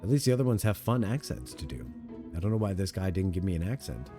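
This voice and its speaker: A man's voice: low-pitched, very animated, quick pace, music in the background. A man from Europe giving playful, chatty commentary as he streams a game, laughing at his own jokes. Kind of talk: casual gameplay commentary.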